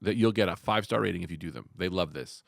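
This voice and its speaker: A man's voice: deep voice, quick pace, gravelly, no room sound, studio quality. A man co-hosting a comedy podcast, telling stories in a casual chat and acting out the lines. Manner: animated storytelling, acts out lines.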